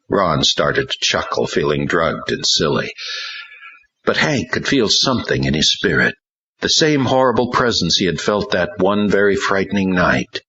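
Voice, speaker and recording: Deep husky male narrator, slow dramatic audiobook read, dull lo-fi audio. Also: sing-song, pushed and bright. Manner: dramatic storytelling. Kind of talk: scripted narration. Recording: dull lo-fi recording.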